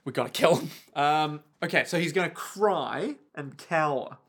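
Slightly high-voiced man riffing casually. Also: normal speed, a bit bright. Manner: rambling, laughing, slipping into silly voices for characters. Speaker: podcast co-host. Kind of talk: casual chat predicting plot of an anime.

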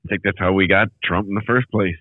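A man's voice: low-pitched, steady tone, quick pace, dry recording, phone-quality sound. A man co-hosting a podcast, trading dry wisecracks in casual banter. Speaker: podcast co-host.

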